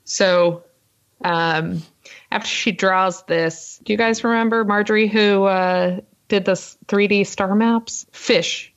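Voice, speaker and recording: A woman co-hosting a podcast, recounting a story in a casual, fast, filler-heavy way. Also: medium pitch, fairly even intonation, lo-fi sound. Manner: fast-talking, lots of ums and uhs. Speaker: podcast co-host.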